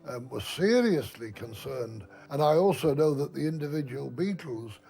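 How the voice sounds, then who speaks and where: A man's voice: mid-range voice, lively intonation, moderate pace, creaky, dark tone. A man speaking earnestly and firmly in an interview.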